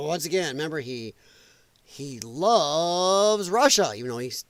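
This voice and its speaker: Man hosting a political livestream: a profane, mocking rant, with a pitch that jumps all over and a dry, close sound. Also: big pitch swings, slow pace, creaky, dry recording. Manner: profane and mocking, with sarcastic asides; laughs at his own jokes. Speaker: political commentary show host.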